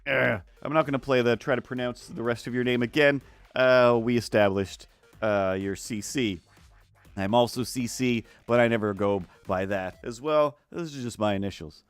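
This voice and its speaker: A man's voice: mid-range voice, moderate pace, smooth, no echo, faint music behind. A man chatting casually while he draws on a livestream. He rambles with lots of restarts and keeps slipping into silly voices. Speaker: art streamer. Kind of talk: casual chat while drawing.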